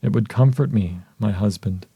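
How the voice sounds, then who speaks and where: A man voicing a devoted young wife in an audiobook, soft and measured, with a very mellow, low voice. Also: husky, no echo. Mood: solemn tender.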